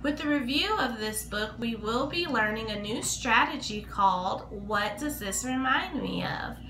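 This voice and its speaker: Expressive woman reading to a class. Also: on the high side. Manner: slow, expressive, with some fillers. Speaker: teacher. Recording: echoey room, faint background noise.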